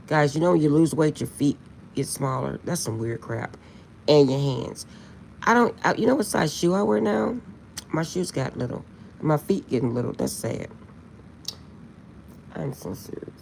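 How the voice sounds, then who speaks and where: A woman's voice: deep voice, animated, moderate pace, creaky, long pauses, darkish tone, a little hiss or hum. A woman vlogger chatting casually to her viewers, telling a funny story with lots of laughter and insisting she is serious.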